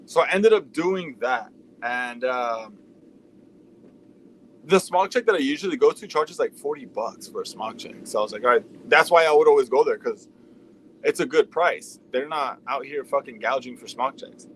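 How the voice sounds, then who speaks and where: Man, casual livestream story time, profane, conversational, average pitch. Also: expressive, normal speed, a little hiss or hum, low-quality recording. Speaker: livestream host. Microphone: streaming mic.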